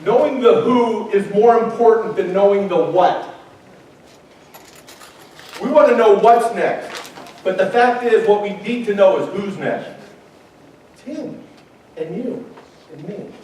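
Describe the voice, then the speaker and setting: Man, pastor, sermon, high voice, joking and conversational, strong echo, distant mic, faint noise. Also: expressive, unhurried, pauses often, darkish tone. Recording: very echoey hall from far off, faint noise.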